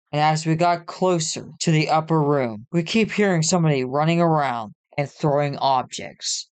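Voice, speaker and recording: Slow, measured man telling a ghost story. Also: fairly high pitch, no room sound. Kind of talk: amateur first-person ghost story narration.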